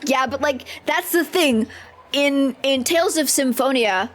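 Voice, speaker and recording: A woman's voice: high-pitched, a little slow, a little hiss or hum. A woman livestreaming a role-playing game, chatting with viewers in a rambling, profane, self-mocking way. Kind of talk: casual gameplay chat with viewers.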